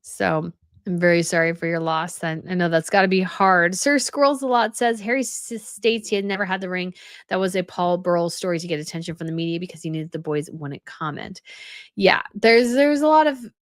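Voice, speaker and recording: Speaking briskly in a fairly low voice, a woman runs a royal news live stream, casually chatting and reading viewer comments out loud. She often starts over and repeats herself, and the dry recording has clean studio sound.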